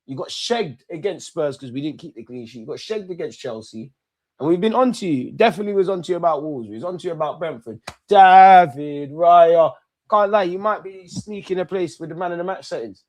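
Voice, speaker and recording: A man's voice: fairly high pitch, lively intonation, fast talker. A young man giving live, slang-filled commentary as a football fan hosting a match watchalong, repeating his phrases over and over.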